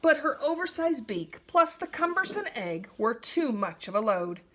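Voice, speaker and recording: A woman reads a children's story aloud with a bright, higher voice. Her pitch rises and falls in lively swoops as she narrates. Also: moderate pace, a little hiss or hum. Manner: expressive, animated read-aloud.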